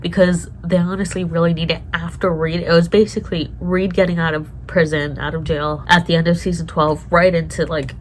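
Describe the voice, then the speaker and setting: A woman's voice: fairly low pitch, flat delivery, brisk, few pauses, a little hiss or hum, low-quality recording. A woman vlogger reacting to a TV show in casual chat, emotional and swearing often as she talks to herself.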